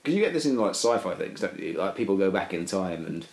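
A man's voice: sits low, sing-song, fast, gravelly. A man co-hosting a podcast, rambling and joking at his own expense. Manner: rambling, self-deprecating, joking. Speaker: podcast co-host. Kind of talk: casual chat. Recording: echoey room.

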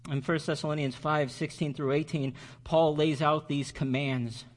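A man preaching a sermon as pastor, earnest and slowing down on key words for emphasis. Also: fairly high pitch, fairly even intonation.

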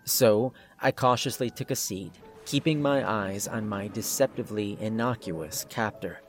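A man narrating a horror story in a steady, suspenseful scripted style. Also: fairly low pitch, normal speed, few pauses, faint music behind.

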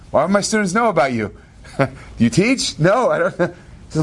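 A man telling an inspirational story in an animated, quick way, with asides and laughs. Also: sits high. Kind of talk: storytelling talk.

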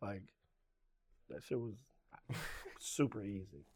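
A middle-aged rapper from Richmond, Virginia, sits in as an interview guest and tells a story laced with swearing, voicing both sides of every conversation. His voice is fairly low, mellow and a bit breathy, and he speaks slowly but with a lot of animation.

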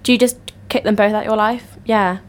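A woman's voice: medium pitch, fairly even intonation, a little fast, a little hiss or hum. A woman in casual podcast chat, speaking hesitantly and thoughtfully with many restarts. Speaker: podcast co-host.

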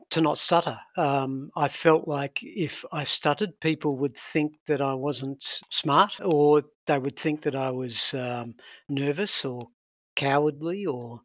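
A man's voice: medium pitch, fairly bright tone, no room sound. A middle-aged man with an Australian accent, talking casually as a guest and stuttering with frequent repetitions of sounds and words. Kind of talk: casual conversation.

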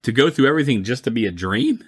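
A man's voice: medium pitch, animated, fast, slightly rough. A man chatting casually about movies, rambling and mocking, laughing often.

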